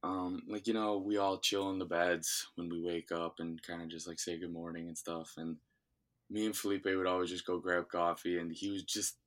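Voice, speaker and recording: Deep-voiced young man from Ohio. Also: normal speed. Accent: Midwestern American. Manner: relaxed rambling with many fillers. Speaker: guest, former reality show contestant. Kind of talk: casual interview.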